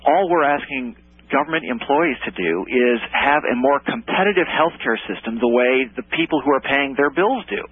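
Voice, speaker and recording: A man appearing as a policy analyst guest on talk radio, explaining points in a measured, articulate way. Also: medium pitch, expressive, breathy edge, dry recording. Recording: tinny phone-like line, dry.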